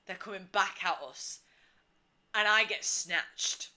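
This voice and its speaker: A woman's voice: medium pitch, slow. A woman in her twenties, co-host of a casual podcast, telling a story animatedly and laughing often. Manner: animated, laughs often, acts out quotes loudly.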